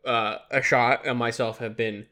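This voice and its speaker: A man's voice: medium pitch, steady tone, normal speed, pushed and bright. A man co-hosting a podcast in casual chat, joking and laughing often. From Irish heritage. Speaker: podcast co-host.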